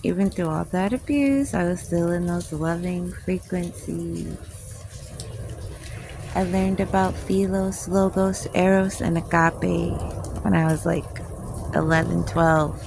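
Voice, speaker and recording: A woman's voice: lowish voice, steady tone, slow, vocal fry, background noise. A woman poet teaching a casual spiritual class outdoors. She speaks candidly, swears freely, and laughs often. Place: outdoors, with planes passing overhead.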